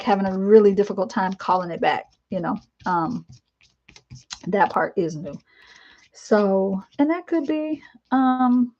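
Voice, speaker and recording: A woman's voice: mid-range voice, dull audio. Candid rambling woman in her fifties. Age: 50s. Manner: rambling and candid, laughing often, with hesitant fillers and lively quoted asides. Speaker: vlogger. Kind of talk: casual live-stream chat. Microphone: live-stream camera mic.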